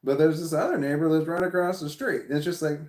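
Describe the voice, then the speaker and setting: A man's voice: a little high, quick pace, darkish tone, reverberant. A man telling a casual story to the camera. He rambles, repeats himself and swears often. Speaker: vlogger.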